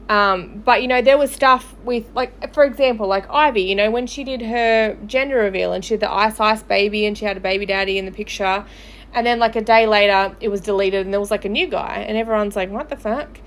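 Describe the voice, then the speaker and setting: A woman's voice: fairly high pitch, a bit bright. A woman who hosts a gossip page, ranting angrily and swearing on a livestream. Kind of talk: livestream commentary.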